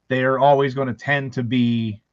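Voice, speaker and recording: A man's voice: medium pitch, flat delivery, normal speed, clear, resonant tone, no echo. Male host from Baltimore, faint local accent, rambling storyteller, dry and dull lo-fi sound. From Baltimore, USA. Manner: rambling, anecdotal, laughing often. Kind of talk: casual chat.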